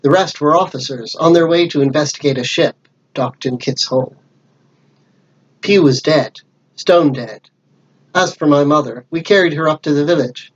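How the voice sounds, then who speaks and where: A man reading a classic adventure book aloud as storyteller, with lively character voices. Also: fairly high pitch, normal speed, lo-fi sound.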